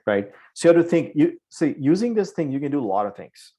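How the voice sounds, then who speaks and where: A man's voice: a little high, big pitch swings, a little fast, warm tone. A man teaching an online programming class, explaining step by step and checking in with "right?" after each point. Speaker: programming instructor. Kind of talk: live online coding lesson.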